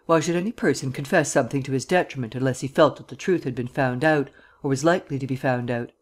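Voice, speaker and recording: A male audiobook reader voicing a sarcastic, irritable district attorney with a gruff, scornful delivery. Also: mid-range voice, fast, lightly acted. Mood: scornful, exasperated. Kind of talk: audiobook character reading.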